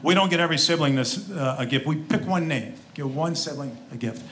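Fairly bright and animated, a forty-something man's fairly high voice moves at a fairly quick pace through a conversational stand-up routine. He pokes fun at himself and drops in quoted asides, with crowd laughter and noise ringing through the live club.

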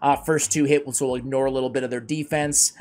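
A man's voice: mid-range voice, fairly even intonation, fast, darkish tone. A man giving casual, rambling commentary on a game character's build, with self-deprecating asides. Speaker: game guide creator.

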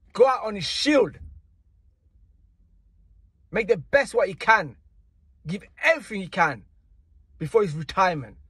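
Indignant and full of slang, a man with a high, husky voice delivers a casual boxing rant, returning again and again to the same points. The audio is close and dry, without any echo.

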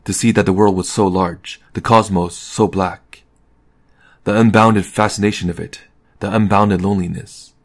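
A man reading a novel aloud as an audiobook in a calm, measured narration. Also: low-pitched. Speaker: audiobook reader.

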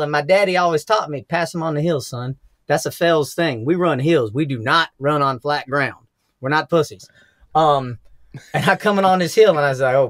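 Profane, animated Southern man telling stories. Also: a little high, no room sound, clean studio sound. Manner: profane, animated storyteller, laughs often. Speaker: podcast guest. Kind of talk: casual storytelling interview.

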